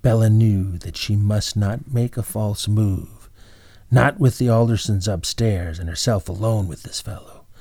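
Low, mellow male storyteller. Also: no room sound, clean studio sound. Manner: measured, dramatic pauses. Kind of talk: scripted narration.

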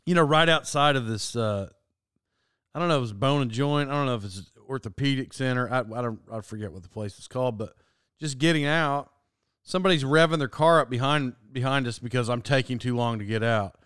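Animated male host telling a story. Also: mid-range voice, a little fast, smooth, dry recording, studio quality. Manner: animated, acts out quoted dialogue. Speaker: podcast host. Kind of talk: casual storytelling monologue.

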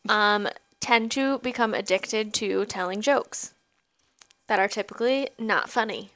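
A young woman co-hosts a podcast in easy, casual chat. She talks freely, filling her thoughts with ums and likes. Her pitch sits in the middle range. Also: a little slow, a bit bright. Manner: chatty, lots of ums and likes. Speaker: podcast co-host.

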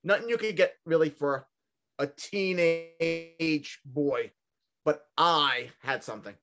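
A man, reminiscing in an unhurried, measured way in casual chat. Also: a little high. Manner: nostalgic, measured storytelling.

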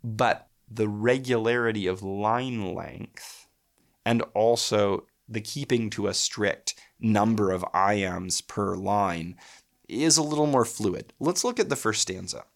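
Gravelly low-voiced man explaining poetry. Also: slow pace. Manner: thoughtful, analytical, reads verse aloud. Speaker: podcast host.

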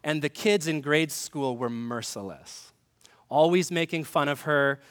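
A man's voice: on the high side, a little slow, a bit bright. Man preaching in a reverberant hall. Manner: conversational preaching with humor and direct questions to the congregation. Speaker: pastor. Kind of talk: sermon. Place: church sanctuary.

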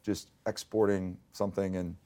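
A man's voice: deep voice, normal speed. A man in his fifties, a company CEO, telling stories in a business interview and acting out the dialogue. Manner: animated storyteller, acts out quoted dialogue.

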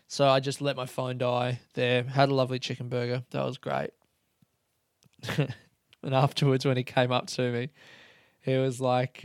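Young man, Australian accent, self-mocking comic storyteller, smooth resonant voice, dry sound. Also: medium pitch, little pitch movement, normal speed, no echo. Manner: rambling, self-mocking, casual swearing, laughs between lines.

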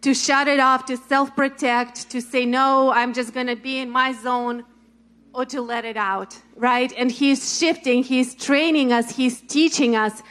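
A woman's voice: high-pitched, fairly even intonation, measured pace, a bit bright. A woman preaching in a casual, encouraging way, full of "like" and "right?". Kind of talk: conversational sermon.

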